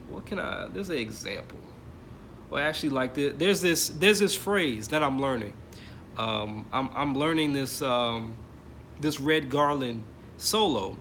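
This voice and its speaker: A man's voice: mid-range voice, fairly bright tone, a little hiss or hum. A man teaching trumpet in an online masterclass, explaining casually with many fillers and restarts. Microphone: computer mic on a video call.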